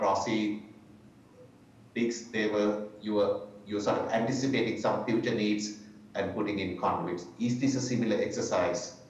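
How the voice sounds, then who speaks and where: Deliberate man chairing a hearing. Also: fairly low pitch, a little mellow. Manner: deliberate, measured questioning. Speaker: commission chair. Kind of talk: public hearing questioning. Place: hearing room. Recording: echoey room, distant mic, dull sound.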